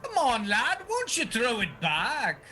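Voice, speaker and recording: A man voicing a cheeky, excitable young male juggler at a festival, calling out in a high, playful voice. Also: unhurried, full character voice.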